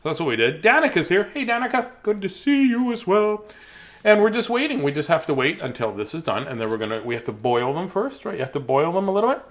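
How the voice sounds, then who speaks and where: A man's voice: high voice, very animated, quick pace. Playful, sing-song man hosting a live stream. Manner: playful, greets viewers by name, sing-song asides. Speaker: host reading bedtime stories to kids. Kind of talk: casual live-stream chat.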